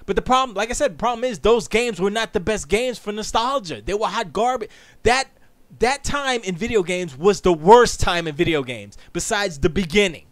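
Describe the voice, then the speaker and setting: A high-voiced man hosts a casual livestream and rants emphatically in slangy speech. His delivery is animated and direct. The recording is dry and close. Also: normal speed, no room sound. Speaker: podcast host.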